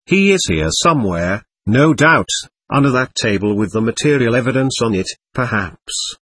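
A man voicing a delirious young man raving slowly in court, in a husky voice with a lively pitch. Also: no room sound, full character voice. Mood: rambling. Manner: rambling, slow and brooding.

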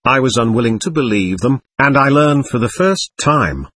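A man reading aloud as an indignant, proud gentleman protesting that he was deceived. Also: medium pitch, lively intonation, normal speed, breathy edge, dry recording. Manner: speaking hotly.

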